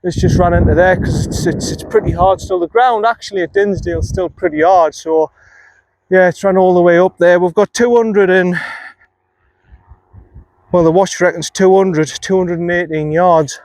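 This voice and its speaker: High, steady and a little mellow, a man's voice moves at a moderate pace as he offers casual commentary on his outdoor golf round. The vlogger is self-critical, muttering after bad shots, with no room sound in the recording.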